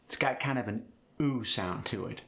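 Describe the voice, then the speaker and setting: A man teaching an accent as a coach, explaining clearly and demonstrating sounds in an instructive way. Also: lowish voice, normal speed, fairly bright tone. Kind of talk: accent tutorial.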